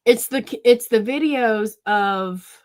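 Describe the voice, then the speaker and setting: A woman's voice: on the high side, slow, a little mellow. A woman in her thirties, a podcast co-host, chatting casually and telling long rambling stories about her kids, with plenty of swearing. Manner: rambling, profane storytelling. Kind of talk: casual chat.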